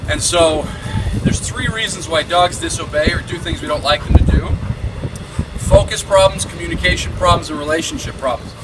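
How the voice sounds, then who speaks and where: A dog trainer walks through his training method in an energetic, chatty way, full of "you know" and "like." His voice is a little high at normal speed, captured by a camera following him as he works. The distant mic picks up music behind him and a lot of noise.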